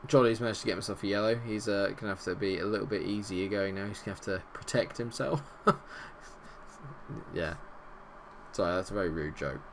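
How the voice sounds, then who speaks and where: A man commentating on his own football management game, animated and bursting into shouts at goals, a little unwell. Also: fairly low pitch, a little fast, long pauses, slight background noise. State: unwell, not feeling great. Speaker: gaming video host.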